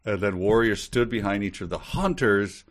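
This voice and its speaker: Deep-voiced podcast guy reading a book out loud, dry wry jokes. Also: moderate pace. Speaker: podcast co-host. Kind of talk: casual chat, reading a book aloud.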